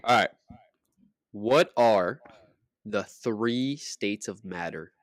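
A man's voice: lowish voice, drawn-out words, no room sound, studio quality. A young man co-hosting a casual podcast, joking crudely and laughing often. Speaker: podcast co-host. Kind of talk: casual chat.

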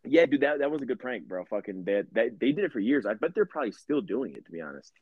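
A man's voice: mid-range voice, fast, slightly rough, no echo, narrow, tinny audio. A young man co-hosting a podcast, telling rambling, profane stories in casual chat. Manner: profane, rambling, animated storyteller. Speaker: podcast co-host.

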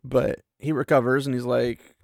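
A man's voice: medium pitch, flat delivery, normal speed, gravelly, a little mellow, dry recording, studio quality. A male podcast host giving a casual, rambling recap of a book chapter, full of fillers and asides. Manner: rambling and chatty, with many fillers.

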